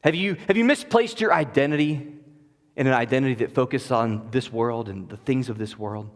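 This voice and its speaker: A male pastor preaching a sermon, rising to loud emphatic lines and dropping to hushed, quiet passages. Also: mid-range voice, fairly quick. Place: church sanctuary. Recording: long hall reverb of a church.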